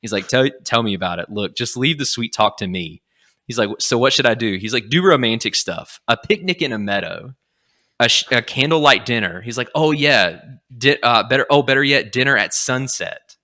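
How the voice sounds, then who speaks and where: A young man hosting a podcast, casually retelling a comic story and acting out its lines in quick quotes. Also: mid-range voice, expressive, sharp tone. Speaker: podcast host.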